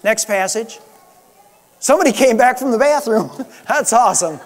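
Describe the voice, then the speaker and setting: A male pastor delivers an earnest sermon in a noticeably high voice. He lifts his voice for emphasis, then sinks low and quiet to drive a point home. The sound carries a long reverb from the church hall. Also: lively intonation, normal speed. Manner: earnest preaching, rising and dropping to soft emphasis. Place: church sanctuary.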